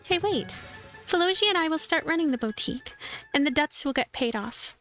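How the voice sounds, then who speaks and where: A woman's voice: sits high, lively intonation, brisk, fairly bright tone, soft background music, voice pushed up. A woman voicing a perky little female spider devil helper in a game, eager and polite. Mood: cheerful.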